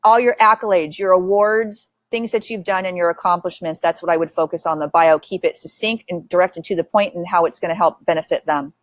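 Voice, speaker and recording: A woman's voice: on the low side, steady tone, a little fast, hardly any pauses, no echo. A woman hosting a webinar, talking in a direct, upbeat and chatty way. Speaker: webinar host. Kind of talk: casual webinar chat.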